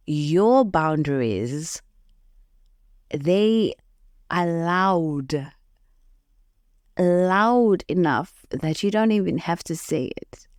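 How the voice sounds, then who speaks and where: A woman hosting a motivational podcast, speaking in an unhurried, reflective way and often laughing at her own stories. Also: on the low side, darkish tone, no echo, clean studio sound. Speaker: podcast host.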